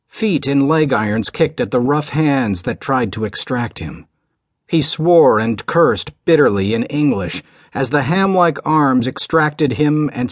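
A man narrating an audiobook in a measured, dramatic storytelling delivery. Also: medium pitch, no room sound, clean studio sound.

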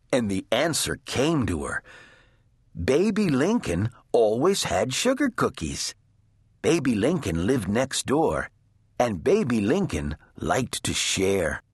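A man narrating a children's storybook in a gentle, deliberate storytelling manner. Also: on the low side, husky, dry recording, studio quality. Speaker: audiobook narrator.

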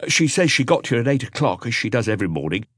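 A man's voice: medium pitch, sing-song, fast, fairly bright tone, dry recording, clean studio sound, pitched above the performer's own voice. A man doing a timid, stammering young inspector. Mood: reporting. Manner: nervous, stammering.

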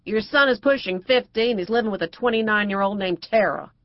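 A woman's voice: medium pitch, brisk, no room sound, muffled recording, voice pushed up, natural voice. A woman narrator voicing a brassy, outspoken middle-aged divorcée who talks bluntly and crudely.

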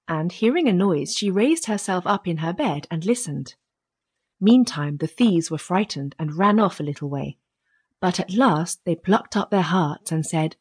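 A woman narrating a children's fairy tale audiobook in a steady storytelling manner. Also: on the low side, unhurried, husky.

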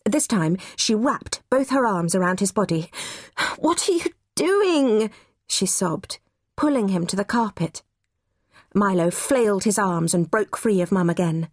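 A woman narrating a children's novel as an audiobook, in measured, expressive storytelling. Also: medium pitch, no room sound, studio quality.

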